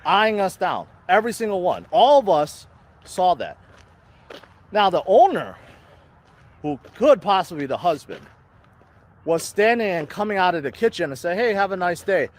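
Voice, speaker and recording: This storyteller's voice sits high and swings widely in pitch; he talks at a moderate pace with frequent pauses. Heard in a played clip, he indignantly retells his version of an argument over a restaurant bill in a casual rant.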